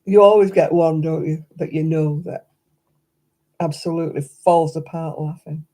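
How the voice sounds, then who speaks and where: Hosting a crafting livestream, an older woman casually tells stories and laughs frequently. Her low voice is warm and steady in tone, and she speaks at a moderate pace.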